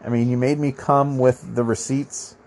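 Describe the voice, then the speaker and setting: A man's voice: mid-range voice, level tone, moderate pace, vocal fry, darkish tone, slight background noise. A man hosting his own podcast in a rambling monologue, swearing often and restarting his sentences, with a somewhat nasal voice. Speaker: podcast host. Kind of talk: profane monologue.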